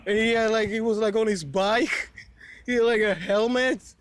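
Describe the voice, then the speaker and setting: A man's voice: high voice, fairly even intonation, normal speed, slight background noise. A young man telling a story to the camera in a rambling, casual way, full of fillers, restarts and frequent laughs. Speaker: vlogger.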